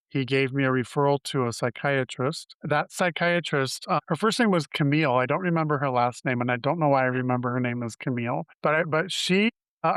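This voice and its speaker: A man in his fifties shares his life story as an interview guest, with a smooth, resonant voice at a middling pitch. He talks candidly, stopping and restarting as he works through his memories. The recording is dry and close, with no room sound. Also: a bit bright, no echo. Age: 50s. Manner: candid, halting, with frequent restarts.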